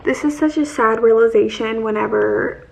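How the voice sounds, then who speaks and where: Gravelly high-voiced woman rambling about a book. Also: moderate pace. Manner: rambling, heavy on fillers and restarts; emphatic, opinionated. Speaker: book vlogger. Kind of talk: casual book recap.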